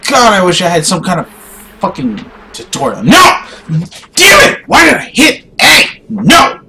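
A young man playing a video game and commenting as he goes, swearing a lot and swinging from low muttering to shouting in frustration. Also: wildly swooping pitch, normal speed, vocal fry, a little hiss or hum. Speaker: gaming YouTuber. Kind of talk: raging gameplay commentary.

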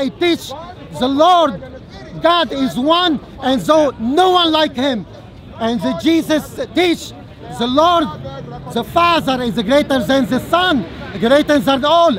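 A man with a very high voice argues outdoors at a speakers' corner, halting often on fillers and restarts, then pressing his point with repeated rhetorical questions. A faint murmur of crowd chatter sits behind him in the open air. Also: animated, a bit bright. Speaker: street debater. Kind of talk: heated open-air religious debate.

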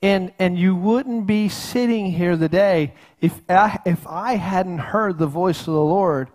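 A man's voice: high-pitched, slow, a little mellow. A middle-aged man preaching a sermon in his church in an earnest, folksy way, often repeating and restarting his words. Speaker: pastor. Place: church sanctuary.

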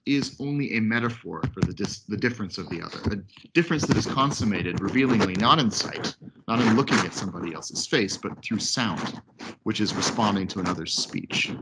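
A man giving an academic webinar lecture, reading a prepared text in a measured way with occasional asides. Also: lowish voice, very noisy. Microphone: computer mic on video call.

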